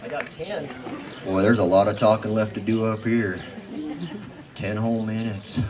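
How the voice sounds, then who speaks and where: A man's voice: fairly low pitch, normal speed, darkish tone, slight background noise. Middle-aged man, cowboy poet, folksy, chatty, stage mic. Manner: folksy, easygoing, chatty with the crowd. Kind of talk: folksy stage storytelling and recited verse.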